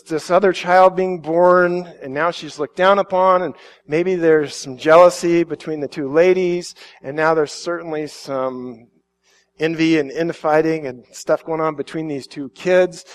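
Higher-voiced man preaching conversationally. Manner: conversational, with many restarts and acted-out quotes. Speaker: pastor. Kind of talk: sermon.

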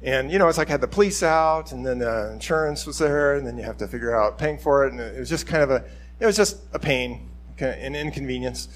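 A man's voice: medium pitch, lively intonation, brisk. A middle-aged man, a pastor, giving an informal, conversational sermon and acting out quoted speech along the way.

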